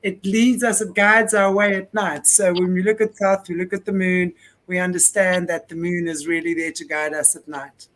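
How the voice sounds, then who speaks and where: Earnest South African man, fairly high voice. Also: little pitch movement, moderate pace, a bit bright. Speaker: co-host. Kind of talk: casual spiritual chat.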